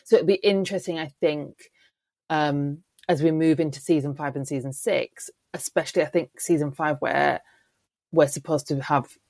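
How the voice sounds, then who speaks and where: A young woman co-hosting a podcast, speaking in a measured, thoughtful way with some hesitations. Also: low-pitched, steady tone, darkish tone, no echo. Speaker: podcast co-host. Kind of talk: casual chat.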